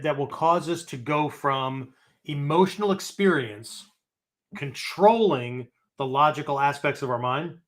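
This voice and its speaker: Older man teaching in a chatty way. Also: mid-range voice. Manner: ends phrases with "right?" and "okay?"; explains step by step, with frequent restarts. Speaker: podcast host teaching philosophy. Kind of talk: conversational teaching talk.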